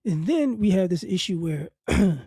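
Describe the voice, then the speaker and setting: A man's voice: sits high, sing-song, moderate pace, warm tone, slightly rough, no echo, clean studio sound. A man from New Orleans with faint traces of a Southern accent, giving a blunt, casual opinion monologue and often repeating words as he builds a point. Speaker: commentary vlogger.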